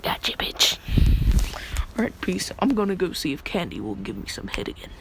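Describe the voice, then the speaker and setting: A woman's voice: fairly low pitch, sing-song, normal speed, creaky, voice pushed down, poor audio. A woman voicing a flippant, crude male vampire in a casually told fan story, with a breezy, taunting, often half-whispered delivery.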